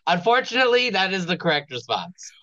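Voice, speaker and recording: A man's voice: high voice, very animated, brisk, sharp tone, a little hiss or hum. A man co-hosting a casual podcast, joking and poking fun at himself. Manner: joking, self-mocking. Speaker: podcast co-host. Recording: slightly dull lo-fi mic.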